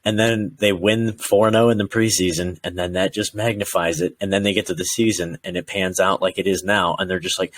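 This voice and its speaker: A man with a fairly low voice talks football with a co-host in a relaxed podcast chat. He gets animated and slips into mock voices of frustrated fans. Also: fairly quick, hardly any pauses. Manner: animated, acts out fans' rants in quoted voices. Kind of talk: casual sports chat.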